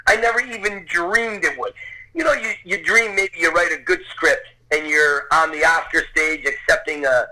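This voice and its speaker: Man, 50s, podcast guest, excitable storyteller, slightly high voice, bright tone. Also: normal speed, poor audio. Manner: excitable, gushing, repeats himself. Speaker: podcast guest, Rocky film tour guide. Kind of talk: storytelling anecdote.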